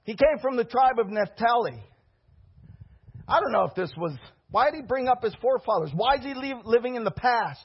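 A man preaching a sermon as pastor, animated, with rhetorical questions and shouted peaks. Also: very high-pitched, fairly quick, slightly rough, dull audio.

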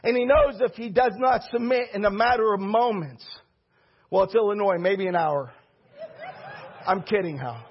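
A middle-aged man, a pastor, preaching a sermon with a husky voice, calling for the congregation's response and building to shouts. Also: sits high, moderate pace, long pauses, highs cut off, a little hiss or hum.

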